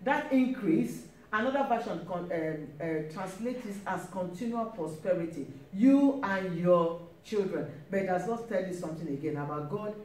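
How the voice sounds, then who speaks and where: A woman's voice: on the low side, animated, moderate pace, few pauses, darkish tone. A woman preaching a sermon, emphatic and repeating key phrases with frequent calls of praise. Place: church hall. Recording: echoey church, mic at a distance, faint hiss.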